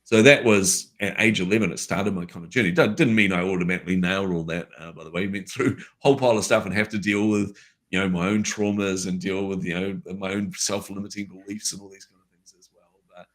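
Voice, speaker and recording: Fast-talking deep-voiced New Zealand man. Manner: lively anecdotal telling with casual fillers. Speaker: guest. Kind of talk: conversational storytelling.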